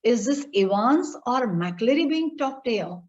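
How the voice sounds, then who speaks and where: A woman's voice: fairly high pitch, animated, a little mellow. A woman teacher with an Indian English accent, reading a story aloud in an online class, then explaining it line by line and asking students questions. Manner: reads a passage, then paraphrases it slowly and quizzes students. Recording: dull, lo-fi audio.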